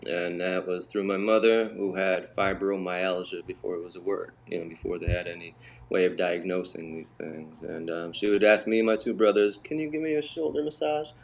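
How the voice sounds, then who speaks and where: A man with a lowish voice tells a long personal story as an interview guest. He talks in an animated, conversational way and slips into the voices of the people he quotes. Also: normal speed. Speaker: interview guest, bodywork healer.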